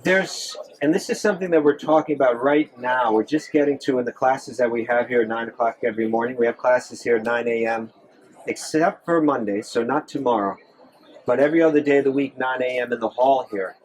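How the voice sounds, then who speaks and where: A man's voice: mid-range voice, a little fast. A man, a monk, answering audience questions in a temple hall, earnest, with many restarts and repeated phrases. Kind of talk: live Q&A talk.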